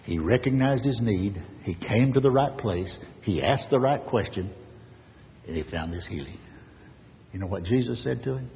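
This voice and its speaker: A male pastor preaching a sermon with emphatic repetition, swinging from loud declarations to hushed lines. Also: on the low side, expressive, normal speed, long reverb tail, lo-fi sound, a little hiss or hum. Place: church sanctuary.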